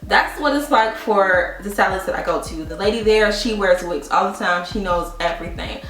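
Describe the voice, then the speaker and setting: A young adult woman vlogging a casual product review, telling her story in an animated, chatty way with frequent laughs and asides to viewers. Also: medium pitch, normal speed. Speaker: beauty vlogger. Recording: roomy, distant mic with faint music.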